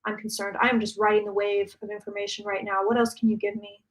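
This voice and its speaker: A woman psychic channeling predictions live, talking fast and emphatically with many restarts. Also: medium pitch, little pitch movement.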